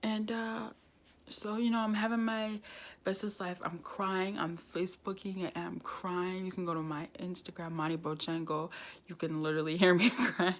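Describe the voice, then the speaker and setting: A young woman vlogger telling a lively personal story, laughing often and acting out what people said. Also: lowish voice, normal speed. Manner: animated storytelling, laughs often, acts out quoted dialogue. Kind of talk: casual storytime vlog.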